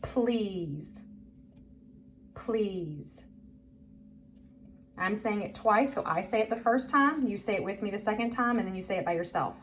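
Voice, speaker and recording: Teaching phonics to young children, a woman speaks fast with few pauses in a mid-range voice, patient and encouraging as she draws out each word for them to repeat. Faint background noise sits under the recording.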